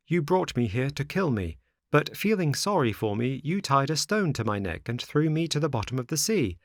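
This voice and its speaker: A man's voice: mid-range voice, no room sound, clean studio sound, pitched above the performer's own voice. A man voicing a cheeky, boastful wooden puppet boy with a playful, mocking, sing-song manner.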